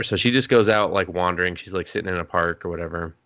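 A man's voice: low voice, fast, fairly bright tone, dry recording. A man co-hosting a podcast, casually recapping an anime with loose, profane retellings and acted-out character lines. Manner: laid-back, swears freely, acts out characters' lines mid-recap. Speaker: podcast co-host.

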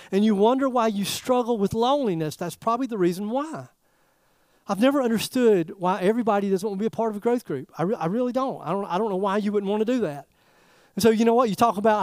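A man preaching a sermon in a folksy, animated way, throwing rhetorical questions at the congregation. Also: sits high, smooth, no room sound, clean studio sound. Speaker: pastor.

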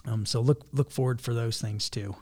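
A chatty man co-hosting a podcast, talking through a sore throat. He keeps a relaxed, conversational flow and laughs easily between points. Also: moderate pace. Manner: chatty, laughs easily, says he has a rather high voice. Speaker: podcast co-host. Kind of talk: casual podcast chat.

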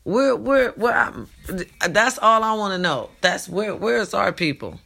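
A woman's voice: mid-range voice, animated, a little slow, creaky, sharp tone. A woman talking to her followers in an emphatic late-night monologue, repeating herself and calling out to them, recorded at home. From California. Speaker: vlogger.

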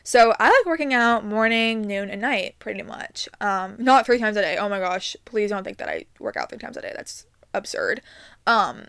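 A woman's voice: mid-range voice, sing-song, normal speed, fairly bright tone, clean tone, no room sound, studio quality. A young adult woman hosting her own podcast, giving casual upbeat advice with many ums and likes. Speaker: podcast host.

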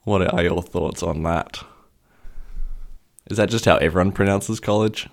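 A man's voice: low voice, fairly even intonation, measured pace, vocal fry. A man co-hosting a podcast in casual chat, asking probing, analytical questions. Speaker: podcast co-host.

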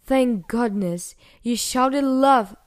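A woman voicing a kindly, fretful elderly grandmother who speaks slowly and soothingly. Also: a little high, dry recording, studio quality, pitched above the performer's own voice. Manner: slow, soothing, motherly. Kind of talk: storybook reading.

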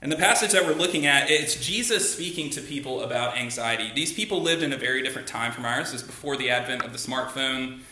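Bright-voiced man preaching in an echoey room. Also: medium pitch, quick pace, hardly any pauses. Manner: conversational, asks the listeners rhetorical questions. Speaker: pastor. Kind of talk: sermon.

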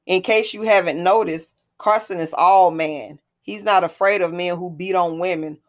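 A woman reading the part of a composed, defiant mother who stands her ground, in a low voice. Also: moderate pace, close to an everyday voice. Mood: firm. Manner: firm, composed.

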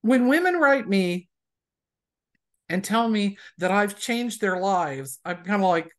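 Chatty woman telling lively stories. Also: medium pitch, moderate pace. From USA. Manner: chatty storyteller who acts out quoted people. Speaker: romance author, guest. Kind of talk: casual interview chat.

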